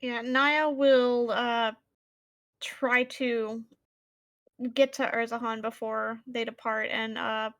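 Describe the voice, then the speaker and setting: A woman's voice: fairly high pitch, flat delivery, takes it slowly, a bit bright. A woman playing in a tabletop game who describes her character's actions with hesitant fillers. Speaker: player. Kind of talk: tabletop game play, casual.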